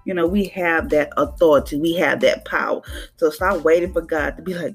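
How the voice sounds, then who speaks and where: A woman's voice: low-pitched, fairly quick, breathy edge, soft background music. A woman hosting a podcast devotional, teaching in a casual, conversational way and acting out little voices. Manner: conversational, preachy, acts out voices with laughs.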